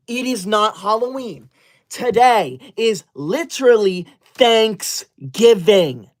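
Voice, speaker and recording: A man's voice: high-pitched, moderate pace, fairly bright tone. Indignant young man scolding his chat. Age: 20s. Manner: indignant, scolding like a strict teacher. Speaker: livestream host. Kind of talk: reading live chat.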